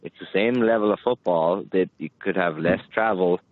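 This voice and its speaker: A man's voice: deep voice, moderate pace, no room sound. A man calling in to a radio phone-in to ask a question, talking hesitantly and with a rising lilt at the ends of his sentences. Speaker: caller. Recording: tinny phone line.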